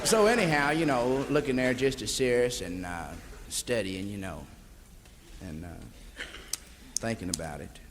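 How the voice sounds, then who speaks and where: A man's voice: medium pitch, expressive, unhurried. A man with a Southern US accent doing a rambling live stand-up monologue, folksy and drawling, calling the crowd beloved. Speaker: stand-up comedian. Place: stage before a live audience. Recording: echoey 1960s live LP recording with hiss.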